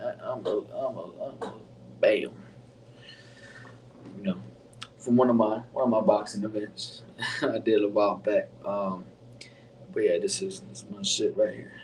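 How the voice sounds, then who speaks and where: A man's voice: fairly low pitch, darkish tone, far from the mic, a little hiss or hum, rough recording. A young man hosting his podcast, rambling casually in slangy talk with lots of fillers. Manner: laid-back, rambling, slangy with frequent fillers. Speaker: podcast host. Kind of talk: casual solo podcast intro.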